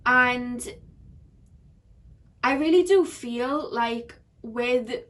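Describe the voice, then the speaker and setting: A woman with a slightly high voice gives a casual pick-a-card tarot reading. She talks in a loose, chatty way, full of "like" and "you know", and keeps laughing as she goes. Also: extremely slow, a bit bright.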